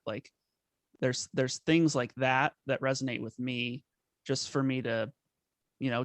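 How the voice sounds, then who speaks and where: A man's voice: medium pitch, fairly bright tone, no echo. A man, a band member guest, talking earnestly and sentimentally in a casual interview. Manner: earnest, sentimental, laughs at himself.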